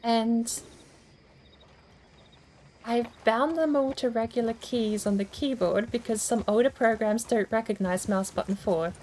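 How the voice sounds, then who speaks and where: A woman's voice: a little high, unhurried, background noise. A woman streamer chatting casually as she plays, thinking aloud and over-enunciating every word. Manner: chatty, thinks aloud while fiddling with settings. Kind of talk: casual game-stream chat.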